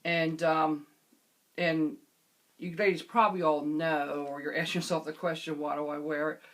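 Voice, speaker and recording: A middle-aged woman vlogger chatting casually as she answers viewer questions, rambling with lots of fillers and the odd throat-clear. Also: deep voice, level tone, moderate pace. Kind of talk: casual chat.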